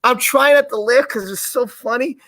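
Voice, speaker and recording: A man co-hosting a live stream, casually telling a personal story in an animated way and acting out the quoted lines. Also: extremely high pitch, moderate pace, no echo.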